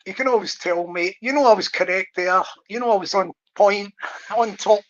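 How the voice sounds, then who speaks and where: A man running a livestream, teasing and needling his guest in easy banter. His voice is high-pitched, and it comes through dry and muffled with a dull, lo-fi quality. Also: fairly quick, a bit bright, no echo. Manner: teasing, mocking. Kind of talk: casual banter.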